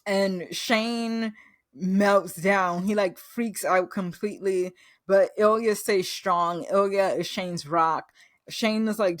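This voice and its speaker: A woman's voice: medium pitch, fairly even intonation, a little slow, dry recording. A woman host gushing through a casual recap review, losing her words and acting out quoted lines.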